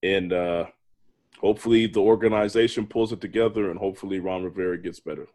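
A man's voice: low voice, steady tone, fast talker, a little mellow. Argumentative casual male podcast co-host. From Virginia. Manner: argumentative, teasing, talks over the other host. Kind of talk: casual sports banter.

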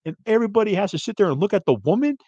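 A man's voice: expressive, very fast, no echo, muffled recording. Guy podcast host rambling, says "man" every other line, dry close sound. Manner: rambling, heavy filler words like "man" and "you know"; crude, gets loud and high-pitched when worked up. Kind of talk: casual ranting chat.

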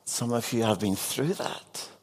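Male pastor, mid-range voice, unhurried sermon delivery, earnest, questions the congregation. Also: medium pitch, a little mellow, husky. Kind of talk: evening sermon.

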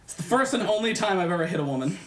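A young man, co-hosting a casual podcast and telling a profane, animated story that acts out the other voices. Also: sits high, very fast. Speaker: podcast co-host. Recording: echoey room.

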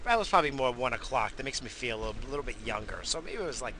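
A man hosting a casual rambling monologue, swinging from loud hyped shouts to low muttering, swearing often and coughing now and then. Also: expressive, rapid-fire, slight background noise. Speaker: podcast host.

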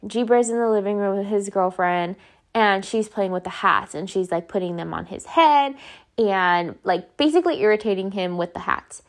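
A woman in her thirties hosting a podcast, telling a story in a chatty, animated way full of fillers. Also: medium pitch, normal speed. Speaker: podcast host.

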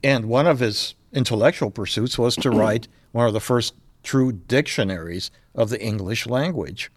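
A man's voice: medium pitch, moderate pace, no room sound. An older man, a podcast guest, talking casually and telling stories with frequent chuckles. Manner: storytelling, chuckles often. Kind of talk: casual chat.

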